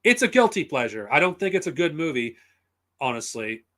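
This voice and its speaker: A man's voice: on the high side, sing-song, fairly quick, bright, forceful tone. A man talking casually on a live stream, blunt and profane, rambling with frequent restarts. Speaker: streamer reviewing comics and films.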